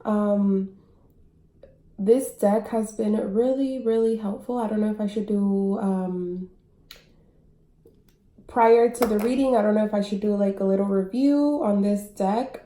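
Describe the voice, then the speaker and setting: Woman vlogger, casual and halting, breathless, mellow low tone, roomy sound. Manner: chatty, halting with many fillers. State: a little out of breath. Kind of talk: casual oracle card reading vlog.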